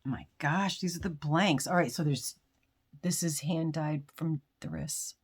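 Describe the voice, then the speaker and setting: A low-pitched woman talks through a casual unboxing at home, rambling from one story to the next. She often restarts her sentences and pokes fun at herself. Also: measured pace, breathy edge. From United States. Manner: rambling, chatty, self-deprecating with frequent restarts. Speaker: crochet vlogger.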